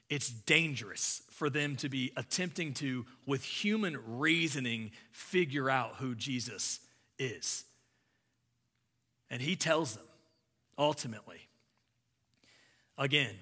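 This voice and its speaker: Pastor, male, bright and forceful delivery, conversational sermon with loud emphatic peaks. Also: mid-range voice, long reverb tail.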